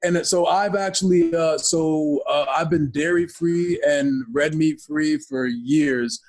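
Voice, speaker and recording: A man from Ghana talking as a guest on a podcast, with a fairly high voice. He tells stories with plenty of energy and slips into other people's voices as he goes. It is relaxed, casual interview chat. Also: slow pace. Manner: lively storyteller who acts out voices.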